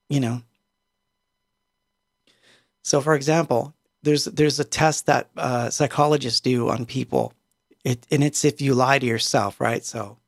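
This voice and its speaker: A man talks loosely on a livestream, circling back and restarting his sentences as he goes. His voice carries a gravelly, creaky texture at a middle pitch. The sound is close and dry, with no room around it. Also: no room sound. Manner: meandering, many fillers and restarts. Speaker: musician livestreaming. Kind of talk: casual rambling livestream chat.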